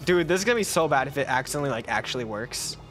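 A young man giving excited commentary on his gameplay as a YouTuber, laughing and exclaiming often. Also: medium pitch, racing, faint music behind. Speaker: gaming YouTuber.

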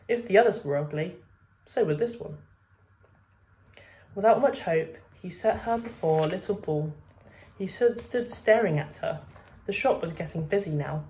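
A woman reading a children's book aloud with steady, expressive narration. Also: lowish voice. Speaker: reader. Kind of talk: storybook read-aloud.

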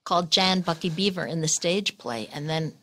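Older woman reminiscing, low-voiced. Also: normal speed, sharp tone. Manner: rambling, hesitant recollection with restarts. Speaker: guest actress. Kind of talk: casual conversational interview.

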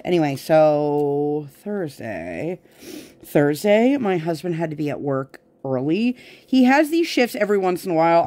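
A woman's voice: deep voice, a little mellow. A woman talks to her viewers while she works at a craft table at home. Her chat is loose and rambling, full of tangents and everyday fillers. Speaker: crafting vlogger.

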